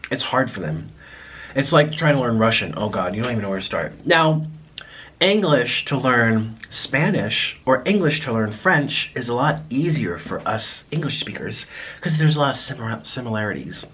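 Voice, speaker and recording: Halting, rambling young man vlogging. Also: mid-range voice, animated, fairly bright tone, slight background noise. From United States. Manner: halting, rambling, many restarts. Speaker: mukbang vlogger. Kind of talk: casual vlog monologue to viewers. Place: at home.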